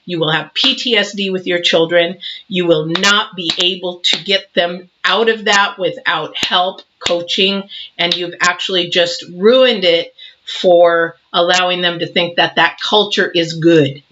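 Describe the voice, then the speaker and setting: A woman's voice: fairly low pitch, fairly even intonation, a little slow, lo-fi sound, noisy background. A woman in her sixties giving a casual tarot reading, emphatic and preachy, acting out little scenes as she talks. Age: 60s. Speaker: tarot reader.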